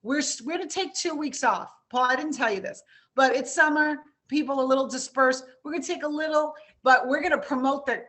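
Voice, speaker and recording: A woman's voice: sits high, fairly bright tone. Chatty New York woman hosting a webinar. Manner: brisk, chatty, enthusiastic. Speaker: webinar host. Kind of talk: casual webinar wrap-up.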